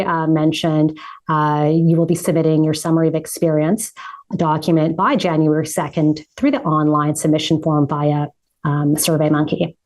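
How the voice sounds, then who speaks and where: A woman advisor gives a webinar presentation. Her voice is low, and she is informative, with frequent fillers. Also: a little mellow, rough recording. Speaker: education advisor.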